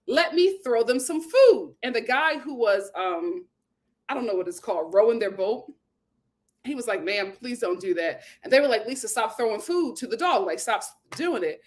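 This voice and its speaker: A woman's voice: mid-range voice, animated, normal speed. A woman hosting a casual reality TV recap, animatedly retelling scenes, acting out the quotes and laughing often. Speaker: host.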